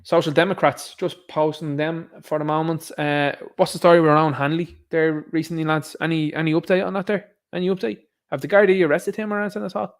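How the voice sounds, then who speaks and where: A man's voice: on the high side, level tone, fairly quick, few pauses. A man with an Irish accent giving a casual monologue commentary, sarcastic and full of rhetorical questions. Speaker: online commentator.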